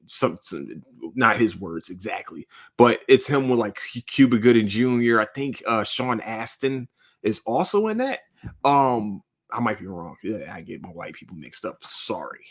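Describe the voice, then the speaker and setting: A man's voice: lowish voice, animated, normal speed. A man hosting a solo podcast, talking in a rambling, profane, emotional way straight to his listeners from a cold room. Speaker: podcast host. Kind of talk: casual solo monologue.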